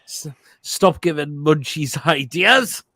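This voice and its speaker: A man's voice: on the high side, lively intonation, takes it slowly, sharp tone, no room sound. A man, hosting a casual live stream and giving crude, blunt verdicts on viewers' food photos between laughs.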